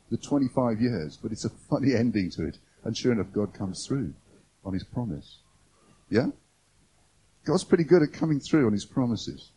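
A man preaches in church with a mellow, husky voice. He keeps it conversational and often turns questions straight to the congregation. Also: medium pitch. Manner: conversational, asks the audience questions. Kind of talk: sermon.

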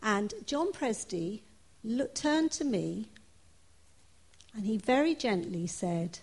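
Woman preacher, unhurried sermon delivery, earnest personal tone. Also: medium pitch, lively intonation, breathy edge. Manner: earnest, personal, with soft laughs.

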